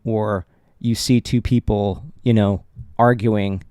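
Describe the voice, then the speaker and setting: A man with a low, warm, mellow voice tells a personal story as a podcast host. He speaks in a loose, conversational way, chuckles often, and restarts his sentences. The sound is close and dry. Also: fairly even intonation, slow, smooth, dry recording. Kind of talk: casual first-person storytelling.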